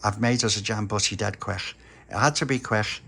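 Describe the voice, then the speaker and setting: A man's voice: lowish voice, moderate pace, creaky, bright, forceful tone, breathy edge, exaggerated voice. A man voicing a jokey little boy neighbour, telling a children's story. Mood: teasing.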